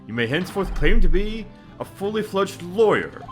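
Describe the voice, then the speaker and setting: A man voicing a stern, imposing older chief justice, attempting a British accent in a formal, measured manner. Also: high-pitched, very animated, over music, pitched above the performer's own voice.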